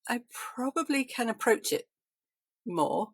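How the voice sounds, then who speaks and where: A woman's voice: a little high, lively intonation, takes it slowly, slightly rough, no room sound. A middle-aged British woman, a quilter, talking earnestly and reflectively as a guest in a casual interview. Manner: earnest, reflective, repeats and restarts phrases.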